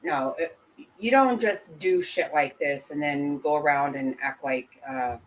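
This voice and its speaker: A woman's voice: low voice, unhurried, low-quality recording. Woman streamer, blunt and indignant, swears a lot, talks to chat. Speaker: livestream host reading chat. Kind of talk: casual livestream commentary.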